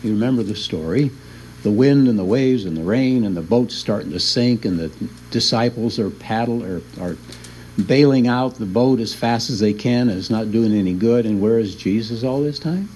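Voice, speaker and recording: A man lecturing a Bible class at a relaxed classroom pace, his voice mellow and warm, with a steady middle pitch. He laughs lightly as he works through his points. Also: moderate pace, slight background noise, low-quality recording. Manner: chuckles often while explaining.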